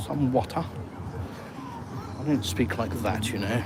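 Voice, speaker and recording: Speaking a touch slowly at medium pitch, this older retired Englishman with an English accent live-streams a walk beside water in a town. The vlogger chats and reads out viewers' comments in a friendly, matey way, with traffic audible outdoors.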